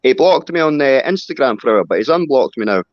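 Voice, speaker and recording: A man's voice: mid-range voice, lively intonation, quick pace, no echo. A Scottish man calling into a live stream, agitated, swearing and repeating himself. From Scotland. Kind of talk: casual call-in chat. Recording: dull lo-fi call audio.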